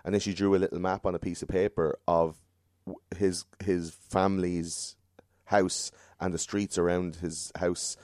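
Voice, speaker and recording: A man's voice: sits low, flat delivery, unhurried, a little mellow, dry recording, clean studio sound. A man telling a rambling, profane story on a casual podcast. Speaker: podcast host.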